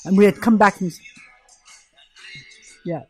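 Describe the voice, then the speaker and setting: A woman's voice: medium pitch, unhurried, breathy edge, soft background music. Emphatic older woman telling a story. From New York. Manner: animated, emphatic, acts out quotes. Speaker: guest. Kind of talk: casual storytelling interview.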